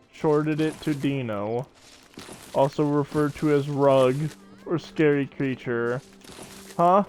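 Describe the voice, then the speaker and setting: A man's voice: on the high side, darkish tone. A young man streaming a survival game, chatting casually to viewers and friends as he rambles from one joke to the next and laughs often. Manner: rambling, joking, quick to laugh. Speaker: gaming streamer. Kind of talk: casual live-stream chat while gaming.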